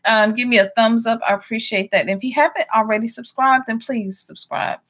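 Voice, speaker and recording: A woman hosting a casual livestream, greeting viewers by name with many ums and quick laughs. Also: on the high side, a bit bright. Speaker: livestream host.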